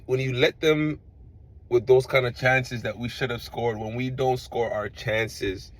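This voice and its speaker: A man's voice: mid-range voice, rough recording. A man talking as a football fan in a casual reaction vlog, frustrated and ranting, often repeating himself.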